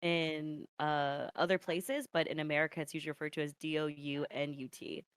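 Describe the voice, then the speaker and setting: A woman's voice: low-pitched, fairly even intonation, brisk, clear, resonant tone. A woman guest on a casual video-call interview, blunt and teasing, laughing often as she talks.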